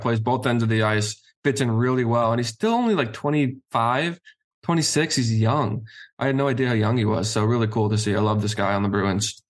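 A man with a voice of middle pitch co-hosts a casual hockey chat. He talks in an even, analytical way, reeling off stats and laying out his reasoning point by point. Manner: steady, analytical, reels off stats. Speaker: podcast co-host.

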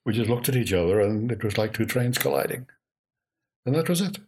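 Husky older man, wry storyteller. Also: mid-range voice, animated, fairly quick, a little mellow. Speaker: interviewee. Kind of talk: oral history recollection.

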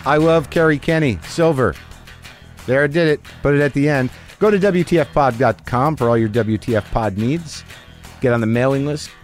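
A man's voice: medium pitch, moderate pace, soft background music. Wry, rambling man hosting a podcast. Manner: rambling, wry, self-interrupting. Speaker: podcast host. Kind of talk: casual conversation.

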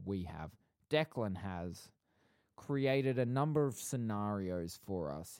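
A man's voice: fairly low pitch, a little mellow, clear, resonant tone, no room sound, clean studio sound. A man hosting a podcast, explaining an improv game and ribbing his co-host in a mock-stern way. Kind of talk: casual chat, running an improv game.

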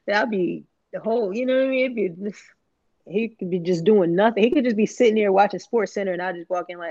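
A woman's voice: mid-range voice, a little fast, a little mellow. Woman, podcast co-host, casual chat, blunt, profane, slangy, muffled lo-fi sound. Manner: candid, profane, rambling with many "like"s and slang. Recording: muffled lo-fi recording.

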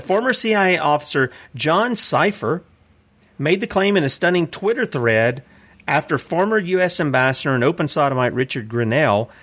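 A man's voice: a little high, a bit bright. A man hosting a casual commentary show, reading news articles aloud and asking rambling questions about them. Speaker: host.

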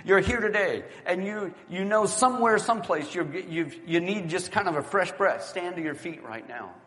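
A middle-aged man preaching a sermon as pastor, animated and exclamatory at times, then dropping to a quiet, prayerful tone. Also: high voice, normal speed, big-room sound.

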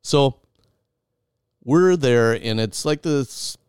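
A man's voice: mid-range voice, lively intonation, slow, darkish tone, clear, resonant tone, no room sound, clean studio sound. A man hosting, animatedly retelling a dramatic story to his wife with many restarts. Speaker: podcast host.

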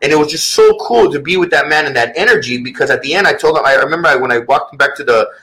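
A man's voice: fairly high pitch, fast talker, sharp tone, poor audio. A man talking as a guest author in a casual interview, earnest and rambling, with many restarts.

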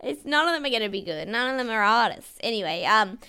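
A woman's voice: a little high, lively intonation, fast, pushed and bright, clear, resonant tone. A woman casually recapping a reality show as a podcast co-host. She laughs often and acts out what people said.

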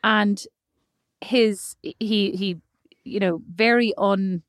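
A woman's voice: mid-range voice, drawn-out words, no echo, clean studio sound. A woman, a mother, co-hosting a podcast in casual, chatty talk, often trailing off and restarting. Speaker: podcast co-host. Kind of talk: casual chat.

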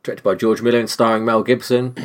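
A man's voice: medium pitch, a little fast, vocal fry. A man hosting a casual film podcast, leading the talk and laughing often. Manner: lively, laughs often, leads the segments. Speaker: podcast host.

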